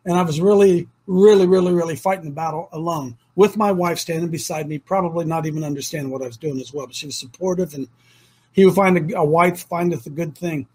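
Middle-aged man, ministry host, husky voice, fairly high pitch, emphatic, repeats himself, builds to near-shouting. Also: fast. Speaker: ministry leader and show host. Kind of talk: impassioned conversational storytelling.

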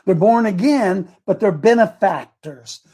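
A man leads a live show as preacher and host, walking through scripture with loose, slangy energy. His voice sits high and sounds a little husky. He acts the verses out in street talk rather than reading them. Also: unhurried, mellow.

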